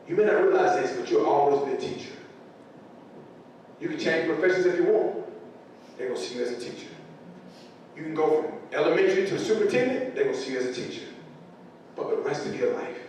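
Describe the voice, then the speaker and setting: A man in his forties gives a funny motivational talk to teachers, acting out quotes in his stories and using folksy grammar. His slightly high, expressive voice moves fast but with long pauses. Recorded from far off in an echoey hall, the audio carries a faint hiss or hum.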